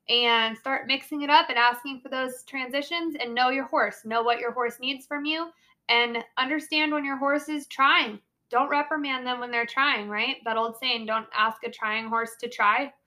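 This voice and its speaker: A woman hosting a horse training podcast, giving casual, chatty coaching with frequent laughs and "right?" asides. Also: a little high. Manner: chatty, animated, laughs often, says "right?" and "like".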